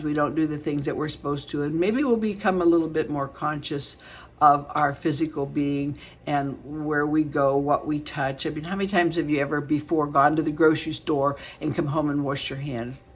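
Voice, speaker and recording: A woman's voice: low voice, steady tone, moderate pace, slightly rough. A middle-aged woman vlogging to her viewers in a casual, chatty and affectionate way, with many fillers. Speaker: beauty vlogger. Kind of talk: casual chat to camera.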